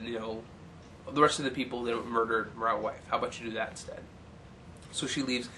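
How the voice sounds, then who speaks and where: A man's voice: medium pitch, level tone, fairly quick, bright, forceful tone, a little hiss or hum. A man casually retelling a movie plot in a rambling way, full of fillers, briefly acting out characters' lines. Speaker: film recapper.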